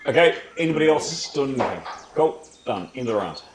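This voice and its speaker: A man's voice: medium pitch, sing-song, fairly quick, background noise. A man acting as game master, running a tabletop role-playing session with short, clipped rulings.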